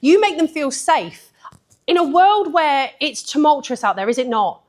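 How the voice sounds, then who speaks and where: A woman's voice: sits high, moderate pace. A woman giving a blunt, sweary, chatty talk at a photography event, laughing often. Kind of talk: live conference talk.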